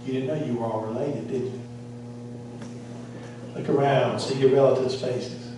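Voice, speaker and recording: A man's voice: medium pitch, fairly even intonation, normal speed, noisy background. Man preaching in an echoey church. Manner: storytelling, asks the congregation questions. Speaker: pastor. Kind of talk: sermon. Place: church sanctuary. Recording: echoey church hall, from far off.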